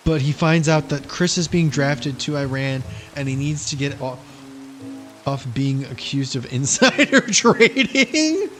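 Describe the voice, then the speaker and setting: A man's voice: fairly high pitch, animated, measured pace, a bit bright, faint music behind. Rambling male game streamer. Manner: rambling, giggly, trailing off. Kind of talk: casual gaming commentary.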